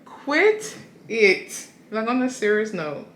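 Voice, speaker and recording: A woman in her thirties tells a story in a casual home vlog, her voice bright and lively as it swings up and down. She sounds flustered and giggly. The room is echoey, with faint music behind her. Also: on the high side, slow pace, a little hiss or hum. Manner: giggly, flustered, repeats "okay?". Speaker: family vlogger.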